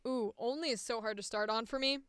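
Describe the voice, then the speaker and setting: A woman's voice: a little high, fairly quick, fairly bright tone, clear, resonant tone, no echo. A woman with a Midwestern accent, a voice actor chatting candidly and profanely on a livestream, close on a studio mic. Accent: Midwestern American. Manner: candid, profane, self-mocking. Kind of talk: casual livestream chat. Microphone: close studio microphone.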